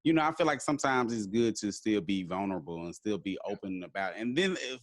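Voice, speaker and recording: A man co-hosting a mental health podcast, talking gently and encouragingly with many fillers. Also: fairly low pitch, animated, quick pace, no echo. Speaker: podcast co-host. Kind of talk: casual interview chat.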